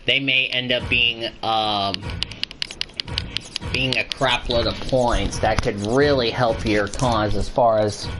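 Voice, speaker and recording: With music in the background, a man hosts a casual show, talking as he plays a game. His mid-range voice stays steady and slow, even as he rambles and swears freely at the game.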